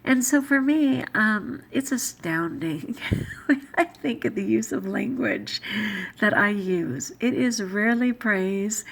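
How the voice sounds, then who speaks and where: A woman vlogger and teacher, thinking aloud in a soft-spoken, musing way and sometimes dropping to a whisper. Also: medium pitch, slow pace, gravelly. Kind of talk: reflective casual vlog talk.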